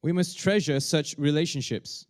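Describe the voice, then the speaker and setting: Man, pastor, sermon, halting, lots of restarts, fairly high voice. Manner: halting, many restarts and fillers.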